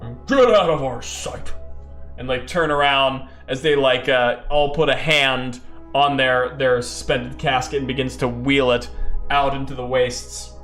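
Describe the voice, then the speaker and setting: A man's voice: mid-range voice, level tone, measured pace, a bit bright, echoey room, faint music behind. A man narrating his own solo tabletop game in a loose, rambling way, full of fillers.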